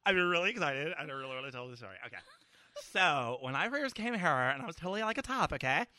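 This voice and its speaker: A man co-hosting a podcast, telling stories in a profane, excitable, joking way. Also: fairly high pitch, dry recording. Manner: excitable, profane storyteller, fast and loud. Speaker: podcast co-host. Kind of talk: casual chat.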